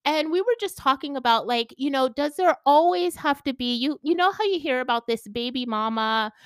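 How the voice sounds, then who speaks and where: A woman's voice: a little high, a bit bright, clean tone, no room sound. A woman hosting a casual solo podcast from home, talking in a bubbly, effusive, giggly way and filling her speech with "like" and "you guys.". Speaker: podcast host. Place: at home indoors.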